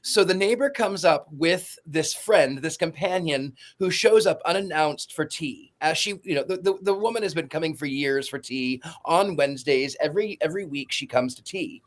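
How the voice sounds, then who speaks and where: A man's voice: on the high side, normal speed, hardly any pauses. A man co-hosting a podcast who explains with enthusiasm and wanders into long asides. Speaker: podcast co-host. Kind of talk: casual chat.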